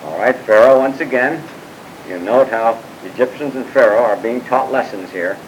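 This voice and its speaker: A man leads a scripture class at a steady, middling pitch. He works through the text while asking his students questions, often stopping on fillers and side remarks. A faint low rumble and hiss sits behind the recording. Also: normal speed, rough recording. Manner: questioning students, frequent "uh" and "by the way" asides. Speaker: Bible teacher. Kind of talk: classroom Bible lecture.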